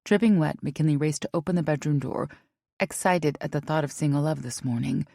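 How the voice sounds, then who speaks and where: A woman narrating an audiobook in a measured, even way. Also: deep voice, vocal fry, no echo, clean studio sound.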